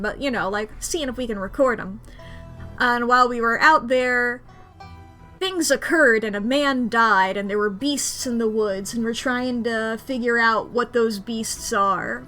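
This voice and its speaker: Woman streamer, casual chat. Higher-pitched, giggly, loose and rambling delivery over soft music. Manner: rambling, giggly, self-correcting.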